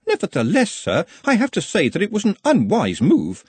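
A prim, fussy young wizard assistant, as a male narrator puts him on, pitched high and fretful, with a husky grain, dry and close. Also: wildly swooping pitch, normal speed, dry recording, exaggerated voice.

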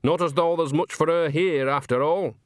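A man's voice: a little high, steady tone, normal speed, no room sound, pitched above the performer's own voice, natural voice. A man voicing a cheerful, earthy old woman witch who talks in a rambling, folksy, sly way. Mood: chatty. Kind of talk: audiobook character voice.

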